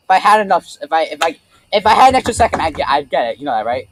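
A man's voice: on the high side, very animated, dry recording, poor audio. A man playing a party game and bantering, teasing and arguing about points, picked up on a laptop mic at home. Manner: teasing, competitive, quick to argue. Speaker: game player. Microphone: laptop webcam mic.

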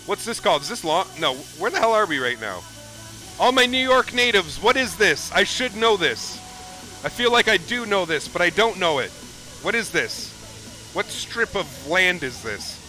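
A man's voice: sits high, very animated, moderate pace, bright, forceful tone, soft background music. A man streaming a flight simulator, chatting casually with viewers, thanking them and reading their chat messages aloud. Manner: casual and upbeat, chatty, calls viewers dude.

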